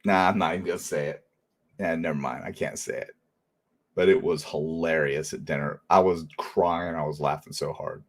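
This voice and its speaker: A middle-aged man hosting a casual livestream, telling animated stories and laughing often. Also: very deep voice, moderate pace. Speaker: livestream host.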